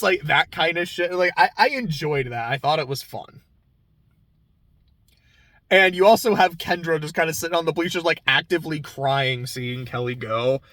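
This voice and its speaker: A man's voice: on the high side, moderate pace, a bit bright, no room sound. Man, tenor-ish, dry close sound; candid chatty recapper who swears freely. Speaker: reality TV recap host. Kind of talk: casual episode recap commentary.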